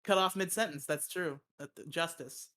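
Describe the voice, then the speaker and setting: Man, podcast host, casual recap, slightly high voice, lots of laughter. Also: normal speed, fairly bright tone. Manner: laughs often, swears casually, acts out quotes. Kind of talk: casual movie review chat.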